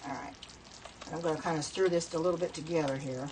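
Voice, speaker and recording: A woman's voice: sits low, fairly even intonation, fast talker, noisy background. Rambling middle-aged woman cooking at home. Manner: rambling, chatty, self-correcting. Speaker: home cook. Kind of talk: casual cooking vlog talk. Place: home kitchen at the stove.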